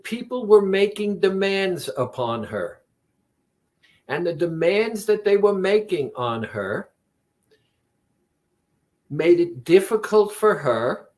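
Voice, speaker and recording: A man talking as a weight-loss coach, slowly and deliberately retelling a conversation with a client. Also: sits high, big pitch swings, a little mellow. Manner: slow, deliberate, retells conversations with quoted dialogue. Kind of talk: reflective monologue.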